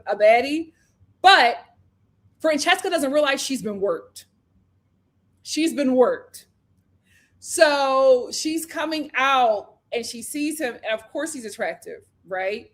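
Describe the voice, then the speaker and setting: A woman hosting a casual live review of a reality dating show, chatty and opinionated, acting out what the cast said. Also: a little high. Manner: chatty, opinionated, acts out cast members' lines.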